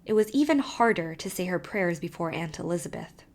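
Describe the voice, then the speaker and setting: An audiobook narrator, a woman with a fairly low-pitched voice, reads a classic novel from script in a measured, expressive way.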